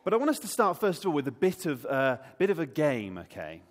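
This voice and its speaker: A man's voice: a little high, brisk. A man leading an Easter all-age talk in church, playfully quizzing the congregation. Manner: lively and playful, quizzing the audience. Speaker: preacher. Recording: long hall reverb.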